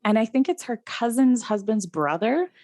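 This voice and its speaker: A woman's voice: on the high side, lively intonation, normal speed, mellow. A woman co-hosting a podcast, chatting casually and peppering her talk with "like.". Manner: chatty, full of "like" fillers. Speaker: podcast co-host. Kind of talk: casual chat about a period drama.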